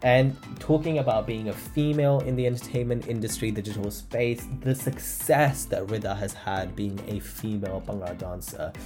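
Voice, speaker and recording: A man's voice: lowish voice, moderate pace, hardly any pauses, music in the background. Upbeat man hosting a podcast. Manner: upbeat, enthusiastic, teasing. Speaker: podcast host. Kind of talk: scripted intro then casual chat.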